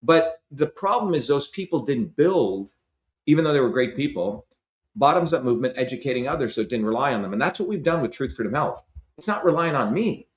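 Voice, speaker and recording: A man's voice: mid-range voice, animated, brisk, echoey room. A man as an interview guest, talking in an impassioned, emphatic way and often tagging on "right?" and "you see?". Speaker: interview guest, Senate candidate.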